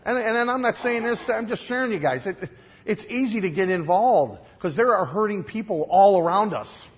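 A man with a Chicago accent preaching a sermon, telling stories in a conversational way and swinging from quiet asides to loud, emphatic lines. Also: sits high, animated, normal speed, lo-fi sound, slight background noise. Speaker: pastor.

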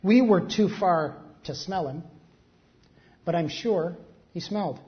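A pastor preaching, reading a story slowly and then breaking into quick, joking asides. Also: medium pitch. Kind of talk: sermon with a story read aloud. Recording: dull lo-fi recording.

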